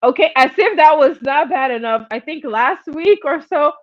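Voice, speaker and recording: Woman streamer telling gossip casually, fairly high voice, dry and lo-fi. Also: moderate pace, no room sound. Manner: chatty, animated, acts out quotes. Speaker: live stream host.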